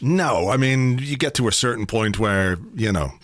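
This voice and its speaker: A man's voice: medium pitch, lively intonation, moderate pace, fairly bright tone, no echo. Man, middle-aged, podcast host, dry close mic, chatty storyteller. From Ireland. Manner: chatty storyteller, playful asides. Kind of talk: casual chat.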